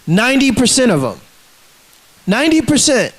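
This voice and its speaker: A man's voice: extremely high pitch, big pitch swings, moderate pace, rough recording. A man ranting casually to the camera, heated and profane, acting out the people in his stories. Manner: profane, heated, acts out quotes in scenes.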